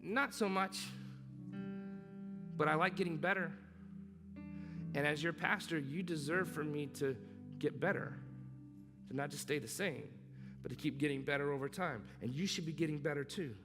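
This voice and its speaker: Man, pastor, sermon, fairly high voice, long hall echo, music underneath, repeats and builds. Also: normal speed, long pauses. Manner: emphatic, repeats key lines, rises to loud urging. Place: church hall. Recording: long church reverb with music behind.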